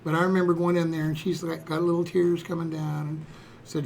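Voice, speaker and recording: A man's voice: fairly high pitch, flat delivery, fairly quick, creaky, a little mellow, slight background noise. A man in his sixties, a streamer telling a personal story in a rambling, folksy way, dropping "you know" and "okay" throughout. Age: 60s.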